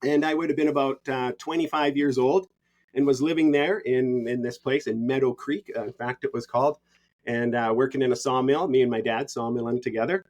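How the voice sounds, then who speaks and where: This is a man in his fifties, a guest on a podcast who tells long stories about his life. He talks in an easygoing, rambling way and laughs often as he goes. His voice sits at an ordinary middle pitch. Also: steady tone, fairly quick, a little mellow. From Canada. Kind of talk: casual storytelling.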